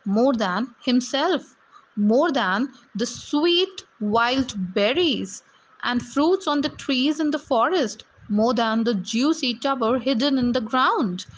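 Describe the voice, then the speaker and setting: A woman reading a storybook tale aloud to schoolchildren, slowly and carefully, with small slips. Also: high-pitched, lively intonation. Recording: dull, lo-fi recording with faint noise.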